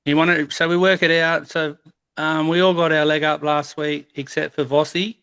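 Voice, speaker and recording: Casual host, a bit higher pitched, easygoing and halting. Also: male voice, clean tone. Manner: relaxed, chuckling, halting with ums. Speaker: podcast host. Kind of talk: casual chat.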